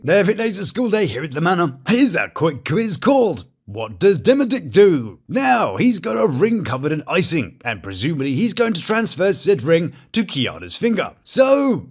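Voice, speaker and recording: A man's voice: sits high, breathy edge. A man, giving cheeky, mocking commentary over reality TV clips. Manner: mocking, cheeky, quick asides. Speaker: reality TV reviewer.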